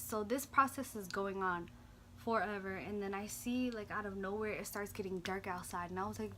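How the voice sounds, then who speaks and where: Bright-voiced young woman telling a storytime. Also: medium pitch, normal speed, slight background noise. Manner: animated, slangy, swears, lots of "like". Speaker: vlogger. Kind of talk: casual storytime.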